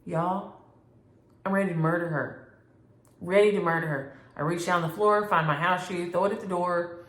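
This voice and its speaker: A middle-aged woman, chatting casually as a cross-stitch vlogger, animated and playfully exaggerating as she answers viewers from home. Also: lowish voice, moderate pace, pauses often, reverberant. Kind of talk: casual chat reading viewer comments.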